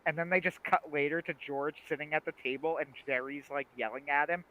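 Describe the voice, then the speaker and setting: A man co-hosting a livestream in casual chat, retelling scenes with lively acted-out quotes. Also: fairly high pitch, quick pace, few pauses. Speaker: livestream co-host. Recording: dull lo-fi stream audio.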